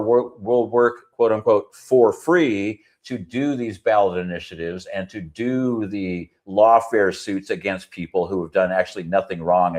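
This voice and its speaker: A man co-hosting a talk stream, ranting about politics in an animated way, with quick bursts and lots of "you know". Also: on the low side. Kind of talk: casual political rant.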